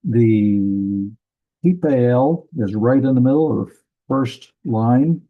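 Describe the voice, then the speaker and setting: A man teaching a slow classroom lesson, thinking aloud and correcting himself as he goes. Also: medium pitch, narrow, tinny audio. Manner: deliberate, thinking aloud with many ums and self-corrections. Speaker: Bible language teacher. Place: church classroom.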